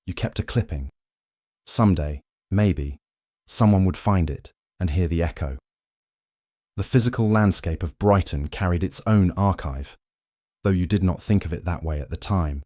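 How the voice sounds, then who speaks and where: A man giving calm, measured, scripted second-person history narration meant for falling asleep. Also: low-pitched, dry recording, clean studio sound. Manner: calm, measured, even storytelling.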